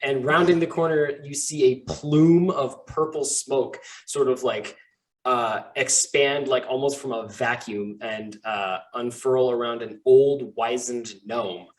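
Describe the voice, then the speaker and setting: A man hosting and running a tabletop game, narrating scenes in a relaxed way with many fillers. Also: mid-range voice. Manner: relaxed, filler-heavy, describes scenes slowly. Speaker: game master and host.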